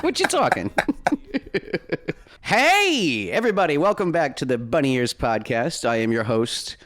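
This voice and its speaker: A man hosting a podcast, chatting casually with his guest, playful and joking and quick to laugh. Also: medium pitch, big pitch swings, a bit bright. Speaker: podcast host. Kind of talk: casual interview chat.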